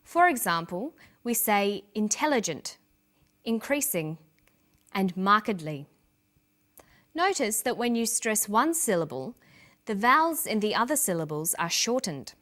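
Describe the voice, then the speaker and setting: A woman presenting an English lesson, reading example sentences and slowly stressing syllables for learners. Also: medium pitch, sing-song, a bit bright. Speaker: English language teacher. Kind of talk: scripted teaching narration.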